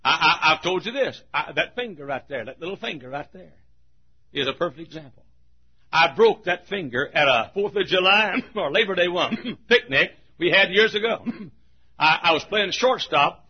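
Husky high-voiced preacher, shouting and hushing. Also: male voice, lively intonation, moderate pace. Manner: emphatic preaching, swinging between shouts and hushed asides. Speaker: pastor. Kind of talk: sermon. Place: church. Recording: dull lo-fi recording.

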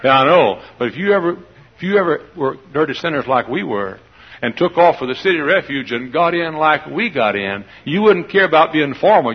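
Male preacher, folksy sermon, gravelly husky voice, lo-fi radio sound. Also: mid-range voice, lively intonation, normal speed. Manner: folksy, shouts and laughs, leads singing. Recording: dull lo-fi radio recording.

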